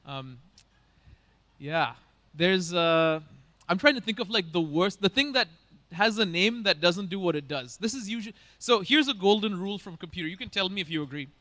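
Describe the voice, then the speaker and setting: A man's voice: high-pitched, animated, normal speed, bright, forceful tone. A man from Bangalore, hosting a conference with casual joking stage banter and teasing the audience. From Bangalore, India. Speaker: conference host.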